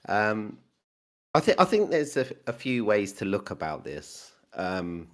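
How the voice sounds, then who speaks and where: An English man calling in to a fan podcast, talking football in a measured, pragmatic way. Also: lowish voice, very animated. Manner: measured, pragmatic, listing players. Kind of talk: casual call-in football chat. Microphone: voice chat.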